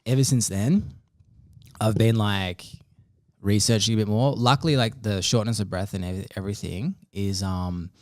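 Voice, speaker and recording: A man's voice: lowish voice, moderate pace, no room sound, studio quality. A young Australian man chatting casually on a podcast, rambling and swearing freely as he acts out quoted conversations. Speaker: podcast host.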